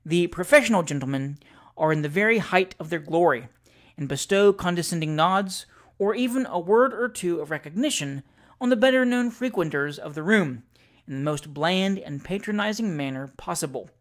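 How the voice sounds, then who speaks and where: An audiobook reader giving a measured, deliberate scripted narration of classic sketches. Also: mid-range voice, lively intonation.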